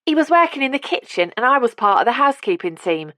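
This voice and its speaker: A woman's voice: fairly high pitch, big pitch swings, fast, pushed and bright, no echo, pitched above the performer's own voice. A woman voicing a practical, no-nonsense elderly woman who speaks with a Cockney accent. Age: older.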